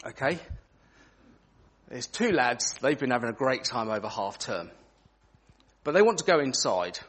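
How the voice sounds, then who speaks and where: A man's voice: medium pitch, unhurried. A man leading an interactive children's talk in church, asking the children questions as he goes. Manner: animated, asks children questions.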